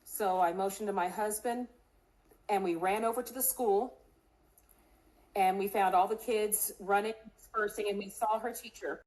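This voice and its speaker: A middle-aged woman telling a painful family story in an interview, earnest and steady, at a middle pitch. She slips into the voices of the people she quotes as she tells it. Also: normal speed, low-quality recording. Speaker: congressional candidate.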